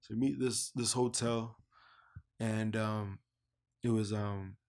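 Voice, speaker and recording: A young man from Canada telling his own life story in a casual, lively way, acting out the remembered dialogue. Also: slow pace. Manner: animated storyteller who acts out both sides of remembered dialogue in a higher voice. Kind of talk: casual personal testimony.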